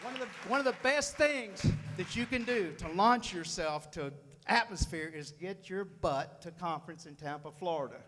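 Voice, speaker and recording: A man's voice: high-pitched, moderate pace, pushed and bright, some chatter behind. A man giving a folksy, fired-up motivational speech to a room at a sales meeting, repeating phrases for emphasis. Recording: long hall reverb.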